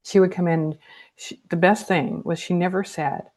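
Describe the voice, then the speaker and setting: A woman's voice: on the low side, steady tone, normal speed, a little mellow. A woman speaking as a podcast guest in a candid conversation, blunt and outspoken, swearing freely and laughing easily.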